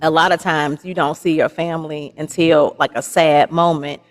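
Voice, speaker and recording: A woman's voice: sits low, steady tone, moderate pace. A woman hosting a casual, heartfelt chat, affirming her guest and laughing often, with speech. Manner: warm, affirming, laughs often, Southern Black American vernacular. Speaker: host.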